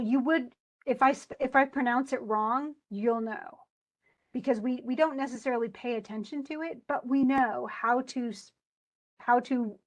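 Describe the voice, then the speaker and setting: A woman tutoring a student on poetic meter. She thinks aloud with restarts and slows down to stress syllables. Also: a little high. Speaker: poetry teacher.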